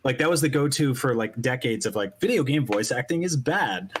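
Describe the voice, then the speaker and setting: Fast-talking enthusiastic man with crowd noise. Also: medium pitch, animated. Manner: fast, enthusiastic, swears casually. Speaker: podcast panelist. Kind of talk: casual chat.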